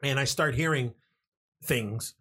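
A man casually telling a funny personal story to friends, animated and swearing, often laughing as he talks. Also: mid-range voice, slow, breathy edge. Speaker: podcast co-host telling a story.

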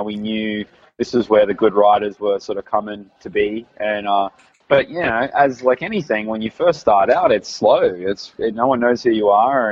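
A man's voice: fairly low pitch, no echo. An Australian man, around his thirties, chatting casually as an interview guest, rambling with lots of fillers and restarts. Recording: dull lo-fi recording.

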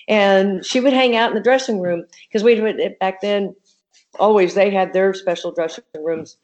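A woman's voice: on the low side, darkish tone. An older woman, an interview guest, telling rambling, affectionate stories in a casual way. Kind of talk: casual reminiscing. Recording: dull lo-fi recording.

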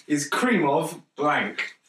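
A man chatting casually as he plays a card game, his dry, teasing delivery moving animatedly up and down in pitch. He is heard from a distance in a roomy, echoey space with faint background noise. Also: sing-song, extremely slow, a bit bright. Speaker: podcast co-host. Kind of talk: casual comedic chat over a card game. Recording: roomy, off-mic home recording with faint noise.

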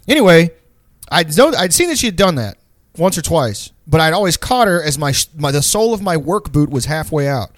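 A man's voice: a little high, lively intonation, fast, no echo, studio quality. A young man telling a long, profane, rambling story in casual chat.

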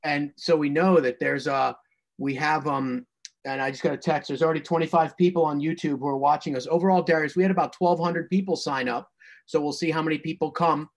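A man's voice: a little high, fairly even intonation, a little fast. A man hosting a video call, explaining the stream setup in a rambling way with many fillers. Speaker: host and stream producer.

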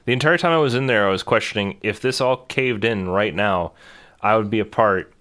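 A man's voice: on the low side, brisk, a bit bright. A man in casual chat, telling a travel story with lots of fillers and restarts.

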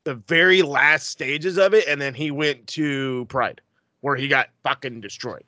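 Excitable bright-voiced man running trivia. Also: medium pitch, measured pace, no echo. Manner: excitable, profane, rambling asides. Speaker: trivia quizmaster. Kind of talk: casual podcast trivia chat.

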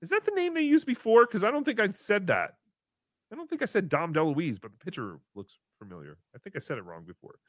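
High, lively jokey male host. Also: quick pace, no room sound, studio quality. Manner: animated, jokey, sarcastic, swings between loud bursts and mumbled asides. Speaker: host reading paid chat messages. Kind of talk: casual livestream banter.

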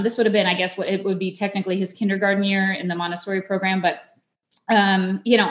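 A woman's voice: mid-range voice, echoey room. A woman, likely in her thirties, telling a personal story in a chatty way, full of "like" and "you know". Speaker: parent guest. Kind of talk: casual storytelling.

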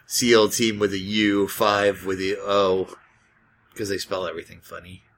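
A man's voice: sits low, flat delivery, measured pace, a bit bright, slight background noise. A man co-hosting a casual podcast chat, joking and rambling with restarts. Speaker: podcast co-host.

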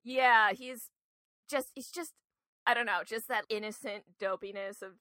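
Woman, podcast co-host, bright tone, dry close mic, animated film recap. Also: a little high, measured pace, no room sound. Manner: animated, acts out characters' lines while retelling. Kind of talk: casual chat recapping a film.

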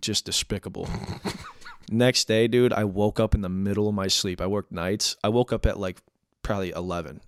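A young man co-hosting a podcast in casual chat, animated, with crude humor and lots of "dude". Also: on the low side, moderate pace, clean tone, no room sound, clean studio sound. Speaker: podcast co-host.

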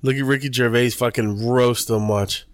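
Sex: male. Role: podcast co-host. Style: casual chat. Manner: laid-back, slangy, cursing. Pitch: middle. Sound: dry, close. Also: steady tone, moderate pace, dry recording.

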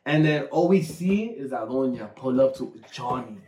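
A man in his twenties telling a wild night-out story on a casual podcast, excited and laughing as he talks. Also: medium pitch, recorded from a distance, crowd noise. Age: 20s. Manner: excited, laughing, quick back-and-forth. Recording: roomy echo.

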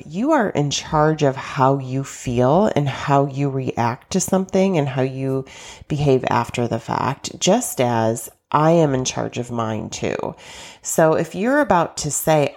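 A woman's voice: extremely low pitch, animated, slow pace, a little mellow. A woman hosting a self-help coaching podcast, talking in a chatty, upbeat way with a stuffy, congested voice. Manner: chatty, upbeat, with small restarts.

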